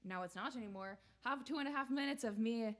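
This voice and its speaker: Chatty, fairly high-pitched woman host. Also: quick pace. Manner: chatty, rambling, bantering. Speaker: host of a live-streamed variety show. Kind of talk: casual live-stream chat.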